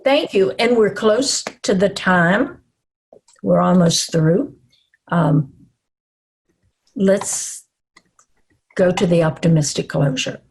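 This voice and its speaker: An older woman from the American South with a Southern accent, presenting at an online summit in a slow, calm and reassuring way. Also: lowish voice, a little hiss or hum. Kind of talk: webinar presentation.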